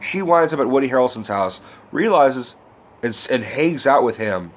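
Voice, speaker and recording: A young man in his twenties rants about a film with plenty of swearing. His mid-range voice lurches from mumbled asides to sudden shouted outbursts. The delivery is loose and conversational. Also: medium pitch, moderate pace. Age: 20s. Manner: animated, swearing, bursts of shouting. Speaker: vlogger. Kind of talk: profane movie rant.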